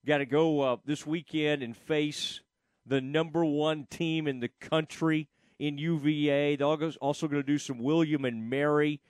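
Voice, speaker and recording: A man's voice: fairly high pitch, fairly even intonation, normal speed, a little mellow, smooth, no room sound, studio quality. A man hosting a casual sports talk show, rambling with frequent fillers and restarts. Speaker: sports radio host.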